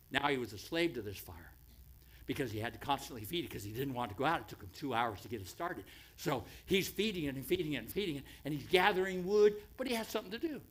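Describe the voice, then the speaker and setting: An American man preaches in a church, spinning a dramatic story for his congregation. His fairly high voice swoops through a lively range, rising to near-shouted pleas, then dropping to hushed, low lines. He repeats phrases for effect as he builds the tale. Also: husky. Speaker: pastor. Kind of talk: sermon storytelling. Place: church sanctuary.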